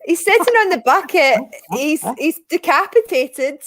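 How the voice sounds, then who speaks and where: A woman's voice: high-pitched, expressive, measured pace, fairly bright tone, no echo. A Scottish woman comedian chatting as a guest on a video call, giggly and teasing. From Scotland. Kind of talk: casual chat.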